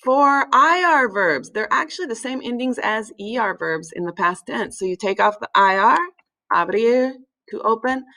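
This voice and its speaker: A woman teaching a recorded language lesson in a relaxed way, with many fillers, slowing down to spell words out. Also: on the high side, low-quality recording. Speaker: Spanish teacher.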